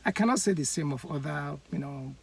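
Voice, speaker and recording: A host from Edo State in Nigeria, speaking, giving a laughing commentary monologue with comic examples and halting fillers. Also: mid-range voice, creaky, slightly rough. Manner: animated, laughing, acts out voices.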